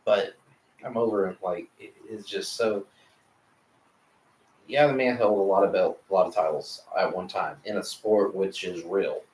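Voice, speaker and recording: A fairly low-voiced young man co-hosting a casual podcast, relaxed and profane, often stumbling over repeated words. He sits back from the mic, and the room gives his voice a noticeable echo. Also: normal speed. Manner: laid-back, profane, stammering restarts. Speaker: podcast co-host. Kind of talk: casual chat. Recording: echoey room, mic at a distance.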